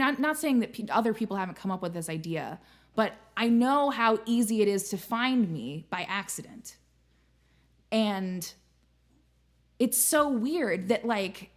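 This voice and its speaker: Chatty young woman streamer, candid. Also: medium pitch. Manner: candid, chatty, swears casually. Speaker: streamer and host. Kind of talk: casual live-stream chat.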